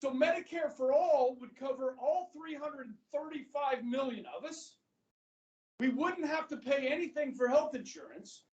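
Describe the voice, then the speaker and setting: A high school government teacher in his fifties lecturing a class in a chatty way, often checking in with the students. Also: a little mellow, lo-fi sound. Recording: echoey classroom from far off.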